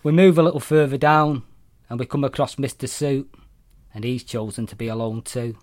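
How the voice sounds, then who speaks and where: A man's voice: mid-range voice, moderate pace, no room sound, clean studio sound. Blunt, wry Mancunian man reading. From Manchester, England. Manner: blunt, profane, wry, deadpan. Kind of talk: short story read aloud.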